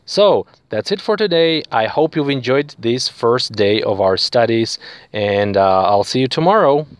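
Slow, patient male language teacher. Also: medium pitch, lively intonation, clean tone, dry recording. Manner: slow, patient explaining with many fillers and check-ins. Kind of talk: spoken language lesson.

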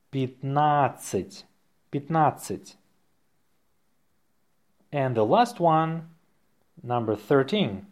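A man teaching a podcast language lesson, slowly and patiently dictating items and repeating each one twice. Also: medium pitch, darkish tone. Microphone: podcast microphone.

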